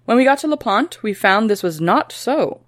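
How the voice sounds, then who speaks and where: Lively-voiced woman podcast storyteller. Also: on the high side, normal speed, no room sound, clean studio sound. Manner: reads old quotes aloud in a lively, joking way. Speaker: podcast co-host. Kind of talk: casual history podcast storytelling.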